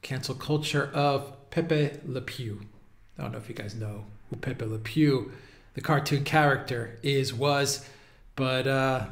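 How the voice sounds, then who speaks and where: A man's voice: medium pitch, creaky, echoey room. A man hosting a casual commentary video, mocking and exasperated as he talks, often breaking into laughter. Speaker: political video host.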